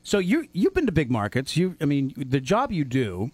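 A man who works as a radio DJ, co-hosting a casual podcast and asking rambling, excitable questions. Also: a little high, normal speed, husky, no room sound. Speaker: co-host, radio DJ.

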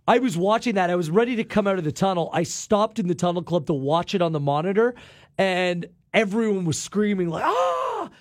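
A male sports show host with a fairly high voice breaks down the match in a lively, upbeat way. The sound is dry and close, with no room around it. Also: fairly quick, no room sound. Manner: enthusiastic, upbeat. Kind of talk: studio sports analysis chat.

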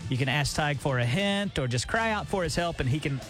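A man co-hosting morning radio, teasing his partner in an exasperated, quick-retort way. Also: fairly high pitch, lively intonation, a bit bright, soft background music. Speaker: radio co-host.

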